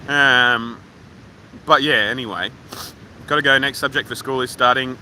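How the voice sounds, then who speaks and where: Bright-voiced Australian man chatting offhand. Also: medium pitch, steady tone, moderate pace, a little hiss or hum, rough recording. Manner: rambling, profane, offhand. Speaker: livestream host. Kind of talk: casual livestream chat reading comments. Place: outdoors at a waterfall park.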